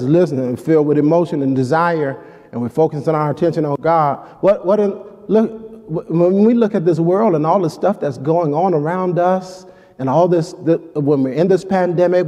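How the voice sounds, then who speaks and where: A man's voice: a little high, dark tone. A male pastor preaching a sermon, with repeated call-outs to the congregation and rhetorical questions. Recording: long hall reverb.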